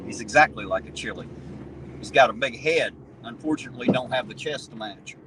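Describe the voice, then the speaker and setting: Swearing man, loud car noise. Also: medium pitch, fairly quick. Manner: profane, mocking, laughs often. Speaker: channel host, auditor. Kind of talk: casual chat while driving. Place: inside a car.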